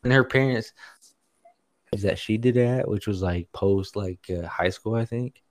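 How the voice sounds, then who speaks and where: Casual co-host, male, lowish voice, loose slangy talk. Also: unhurried. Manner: loose, slangy, filler-heavy, laughs easily. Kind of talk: casual chat.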